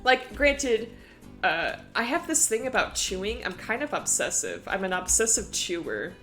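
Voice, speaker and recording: Playful, lively-voiced woman streamer. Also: mid-range voice, moderate pace, faint music behind. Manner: playful and giggly, chatting to viewers. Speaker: live streamer. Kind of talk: casual live-stream chat.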